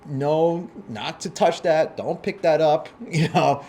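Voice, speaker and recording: New guy on a car podcast, animated storyteller, faint room hum behind. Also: a little high, slow pace. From New York. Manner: animated storyteller who acts out quotes. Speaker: guest, car club organizer. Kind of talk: casual podcast chat.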